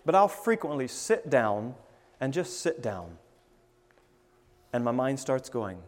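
A man preaching an informal sermon, stammering over restarts and swinging from loud to hushed. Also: medium pitch, big pitch swings, slow, pauses often, long reverb tail. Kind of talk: conversational sermon.

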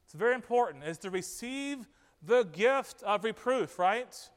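High-voiced man preaching in a reverberant hall. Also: expressive, unhurried. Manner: earnest, coaxing, frequent "okay?" and "right?". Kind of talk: sermon. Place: church platform.

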